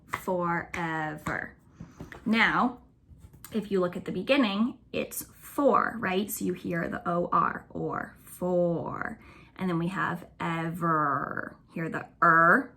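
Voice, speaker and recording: A woman with a bright, lower-pitched voice leads a recorded remote lesson for young children. She talks in a cheerful, patient teacher's manner and stretches words out slowly so the kids can hear each sound. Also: husky. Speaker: elementary school teacher.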